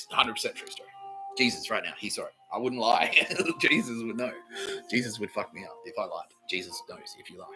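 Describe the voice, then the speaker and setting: A man hosting a podcast, telling a rambling comic story with lots of swearing and animated delivery. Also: on the low side, poor audio. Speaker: podcast host. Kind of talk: comedic storytelling monologue.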